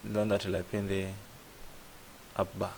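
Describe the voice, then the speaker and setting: A man's voice: deep voice, completely flat delivery, moderate pace, creaky, darkish tone, slight background noise. A man tutoring app programming in a casual lesson, thinking aloud and asking "what?" before he answers himself. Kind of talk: casual screen-share coding lesson.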